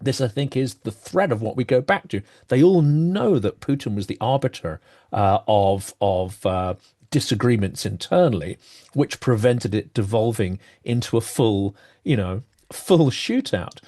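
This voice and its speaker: A man's voice: mid-range voice, animated, mellow. Reflective male podcast host. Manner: reflective, pausing with ums, varied emphasis. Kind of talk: discussion interview.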